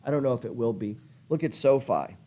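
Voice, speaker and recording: A man's voice: mid-range voice, expressive, brisk, dark tone. A middle-aged man hosting a trading show, ranting in a fired-up, pushy way and swearing freely as he works himself up. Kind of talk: profane motivational rant.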